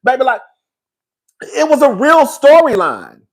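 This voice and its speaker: His voice is extremely high and swings widely in pitch, and he talks a little slowly. The man is a reality TV commentator offering a casual, opinionated, sassy take on a show, swearing freely, bluntly, and calling his audience "girl" and "baby."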